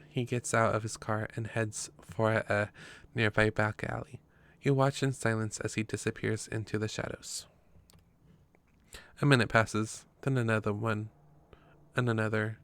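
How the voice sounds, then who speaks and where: A man's voice: mid-range voice, fairly bright tone, smooth. A man reading a story game's text aloud in a casual way, with his own asides between passages. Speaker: game player narrating.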